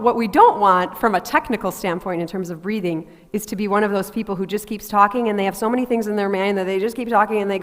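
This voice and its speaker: Voice coach woman in a big echoey hall. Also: medium pitch. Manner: demonstrates breathing sounds, asks the group to try. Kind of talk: workshop teaching to a group. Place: large hall with a live group.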